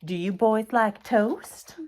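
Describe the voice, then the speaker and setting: A woman voicing an excitable, doting woman in a storybook who gushes in a high voice. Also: takes it slowly, lightly acted. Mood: doting excited. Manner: gushing, high and bright.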